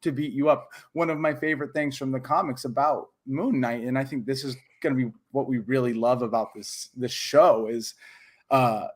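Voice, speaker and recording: Excitable rambling man on a podcast. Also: medium pitch, moderate pace. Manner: excitable, rambling with many restarts and fillers. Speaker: podcast co-host. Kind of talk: casual chat.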